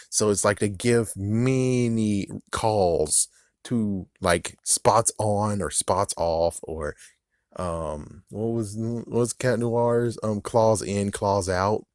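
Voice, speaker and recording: Low-voiced man ranting casually. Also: slow pace, a little mellow, no room sound, studio quality. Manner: rambling, swears freely, laughs, acts out quotes. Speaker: video creator. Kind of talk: casual rant to camera.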